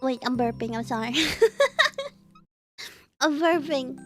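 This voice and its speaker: A woman's voice: sits high, takes it slowly, long pauses. A woman streamer reading a visual novel aloud and chatting with viewers, bubbly and giggly, with cutesy playful exclamations. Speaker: VTuber streamer. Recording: game music playing behind. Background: game background music.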